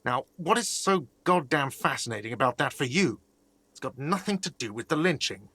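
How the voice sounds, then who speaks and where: A man's voice: mid-range voice, expressive, moderate pace, sharp tone, breathy edge, no echo, full character voice. An actor playing an irritable, defensive male cafeteria manager in a video game, curt and exasperated. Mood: defensive, irritated.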